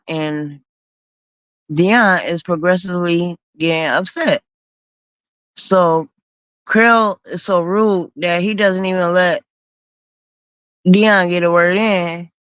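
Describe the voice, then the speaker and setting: A woman hosting a stream, slowly recounting events in a casual storytelling manner. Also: on the low side, steady tone, a bit bright, clear, resonant tone, no room sound, dull audio. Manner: slow, recounting events with acted quotes. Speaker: host.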